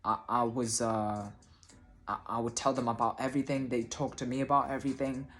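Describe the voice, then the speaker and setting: A man telling a personal story casually to camera, halting often and restarting his sentences, with the odd swear word. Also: medium pitch, level tone, fairly bright tone. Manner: hesitant, many restarts and fillers, casual swearing. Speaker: vlogger.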